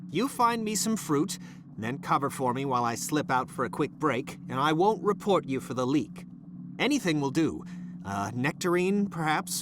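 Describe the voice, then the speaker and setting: An actor voicing an irritable, bossy male scientist in a video game, snapping insults and then grudgingly apologizing. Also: a little high. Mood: apologetic. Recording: game audio with background noise.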